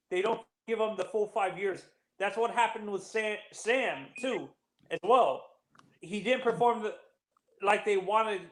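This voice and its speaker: A man in a casual sports chat, building his point in halting starts and restarts. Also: sits high, fairly bright tone, echoey room, low-quality recording.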